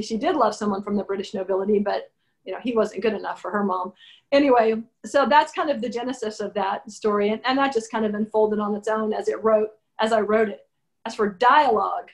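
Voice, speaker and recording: Lively higher-voiced woman novelist. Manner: animated, acts out character dialogue. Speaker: novelist being interviewed. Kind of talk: conversational interview answers.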